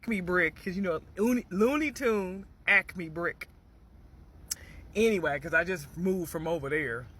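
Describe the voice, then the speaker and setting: A man's voice: sits high, a little slow, sharp tone, husky. A man from Michigan talking to his viewers in a loose, rambling way. He strings puns together, swears a lot, and keeps asking "you hear me?". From Battle Creek, Michigan. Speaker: vlogger. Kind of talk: rambling off-the-cuff monologue.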